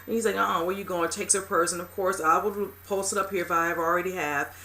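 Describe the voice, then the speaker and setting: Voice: mid-range voice, fairly even intonation, fast talker, bright, forceful tone. A host recapping a TV episode in casual, rambling talk, full of "you know" and "whatever" fillers and emphatic exclamations. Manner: emphatic, exclaiming at upsetting scenes.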